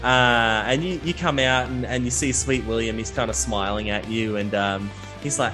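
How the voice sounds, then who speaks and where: A man's voice: mid-range voice, fairly even intonation, normal speed, over music. A man running a tabletop game as game master, loose and swearing, with lots of fillers.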